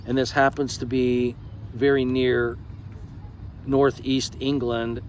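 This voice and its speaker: A man's voice: mid-range voice, level tone, slow, long pauses, slight background noise. A middle-aged American man vlogging in a casual, emphatic and effusive way, swearing freely as he talks. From United States. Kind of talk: casual vlog talk.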